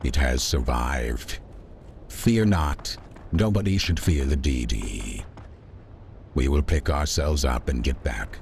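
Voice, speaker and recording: A man's voice: extremely low pitch, a little mellow, slight background noise. A man streaming a video game, rambling in a chatty way and talking back to his chat. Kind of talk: livestream gameplay commentary.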